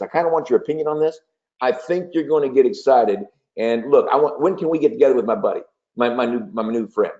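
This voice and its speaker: A man's voice: medium pitch, mellow. Male sales trainer, persuasive coaching tone, muffled webinar sound. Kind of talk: webinar training talk with role-play. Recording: dull lo-fi webinar audio.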